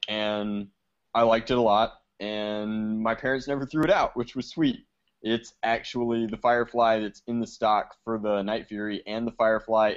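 A man on a podcast, telling his own story in a relaxed, casual way. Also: medium pitch. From Georgia, US South. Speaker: podcast co-host. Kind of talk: casual chat. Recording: muffled lo-fi sound.

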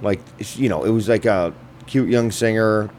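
A man's voice: on the low side, moderate pace, a little mellow, slight background noise. A man hosting a casual radio show, telling stories at a loose, rambling pace with lots of fillers and swearing. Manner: rambling, laid-back, swearing, many fillers. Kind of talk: casual chat.

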